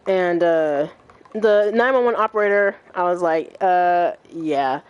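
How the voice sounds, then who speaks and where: A young adult woman hosting a gaming livestream, telling a story in casual chat, profane and animated, acting out what others said. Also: fairly low pitch, takes it slowly, clean tone, lo-fi sound. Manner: animated, profane, acts out quoted voices.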